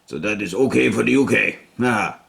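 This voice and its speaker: Cocky japanese emperor played by a man, heavy vocal fry, stilted and smug. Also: fairly low pitch, lively intonation, brisk, a bit bright, full character voice. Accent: put-on Japanese. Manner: formal, stilted, pleased with himself.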